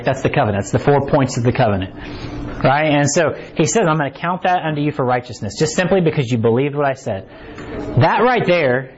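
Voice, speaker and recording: A pastor preaches a conversational sermon to a small church congregation, frequently asking "right?" His voice is slightly high with a little hiss or hum, and the recording sounds a bit dull with faint ambience.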